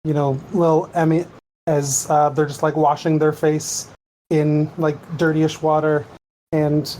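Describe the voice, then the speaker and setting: A man's voice: fairly high pitch, level tone, unhurried, darkish tone, slight background noise, poor audio. A man co-host narrating a story in casual chat, rambling and hesitant with many fillers.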